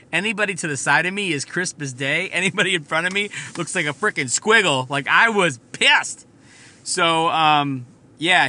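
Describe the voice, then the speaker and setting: A man, telling a heated, profane solo story as a podcast host, jumping from point to point. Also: fairly high pitch. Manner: profane, heated, jumps around; animated, swings between quiet asides and loud outbursts.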